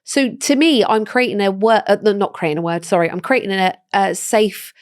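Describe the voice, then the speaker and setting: Animated mum telling stories. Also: female voice, mid-range voice, normal speed, clear, resonant tone, no room sound, clean studio sound. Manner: animated storytelling, mimicking her children's voices, laughing often. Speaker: podcast co-host. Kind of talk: casual chat.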